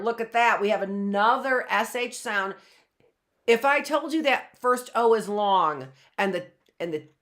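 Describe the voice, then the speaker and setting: A middle-aged woman teaching a live online phonics lesson, patiently asking questions and slowly sounding words out. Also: mid-range voice, a bit bright.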